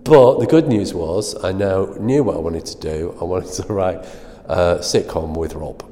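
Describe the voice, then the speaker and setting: A man's voice: low voice, unhurried, dark tone, in a large hall. A middle-aged man telling self-deprecating stories as an interview guest, laughing at himself as he goes. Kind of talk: anecdotal storytelling.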